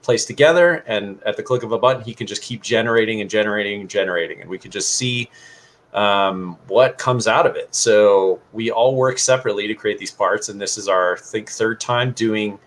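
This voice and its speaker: A man's voice: lowish voice, brisk, a little hiss or hum. A man co-hosting a casual livestream, explaining things in a loose, rambling way with lots of fillers. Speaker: livestream co-host.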